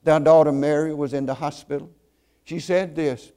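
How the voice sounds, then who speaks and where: A man preaching a sermon, telling stories earnestly and slowing down to stress key points. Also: a little high, fairly even intonation, warm tone, clear, resonant tone. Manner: earnest storytelling, slows for emphasis.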